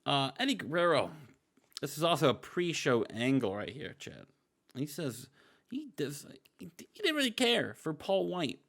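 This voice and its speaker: A man's voice: medium pitch, fairly bright tone. A man co-hosting a casual wrestling game podcast, recapping matches in a joking, laid-back way. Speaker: podcast co-host. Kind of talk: casual chat.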